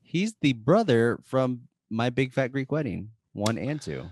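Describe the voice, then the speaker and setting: A man's voice: mid-range voice, very animated, a little slow, a little mellow. A man from Texas co-hosting a podcast, chatting casually in an easygoing, joking way. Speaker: podcast co-host. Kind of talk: casual chat.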